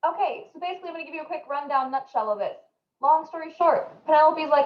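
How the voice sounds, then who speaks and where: Woman teacher, casual lesson explainer, chatty and quick, echoey recording. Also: sits high, expressive. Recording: echoey muffled room audio.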